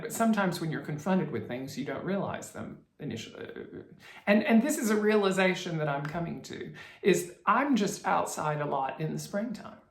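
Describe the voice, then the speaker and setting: A woman hosting a cross-stitch vlog, chatting casually to her viewers, rambling and restarting her sentences. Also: on the low side. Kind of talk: casual chat to camera. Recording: roomy echo.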